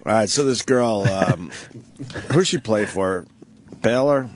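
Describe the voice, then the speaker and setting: Lively low-voiced male radio host. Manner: loose, mocking, quick reactions. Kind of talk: comedic radio banter.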